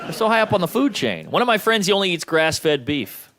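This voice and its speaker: A man in his thirties doing a stand-up comedy set, delivering punchlines deadpan and slipping into quick playful quoted voices. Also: high voice. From United States. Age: 30s. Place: comedy club stage. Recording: live club with crowd laughter. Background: audience laughter.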